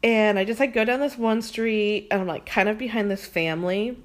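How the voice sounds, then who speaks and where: A young woman hosting a podcast, talking fast and casually, saying "like" constantly and swearing freely. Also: mid-range voice. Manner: fast, chatty, says "like" a lot, swears freely. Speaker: podcast host. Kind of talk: casual chat.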